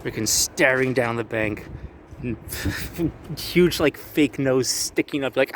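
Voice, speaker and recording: A man's voice: medium pitch, slow pace, a little hiss or hum. A young man giving a casual walking tour outdoors on a city square. He swears freely, jokes around, and slips into mocking voices when quoting historical figures. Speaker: tour guide vlogger.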